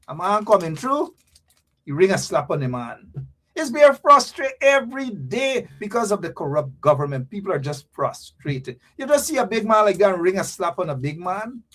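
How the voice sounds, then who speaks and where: Guyanese man, high voice, livestream host, animated scolding rant, repeats himself. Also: normal speed. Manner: animated, repetitive and scolding, lots of local slang. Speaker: show host. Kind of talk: ranting livestream commentary.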